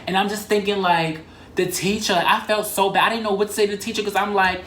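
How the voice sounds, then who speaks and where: A man in his twenties telling an embarrassing story in a fast, animated and profane way, full of slang and "like" fillers. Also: sits high, slight background noise. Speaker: vlogger. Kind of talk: casual storytime. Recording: roomy echo.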